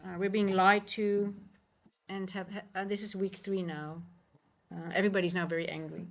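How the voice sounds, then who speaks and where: A woman hosting a casual trading livestream from home, talking in a chatty, halting way with many restarts. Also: mid-range voice, flat delivery, gravelly. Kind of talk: casual live-stream chat.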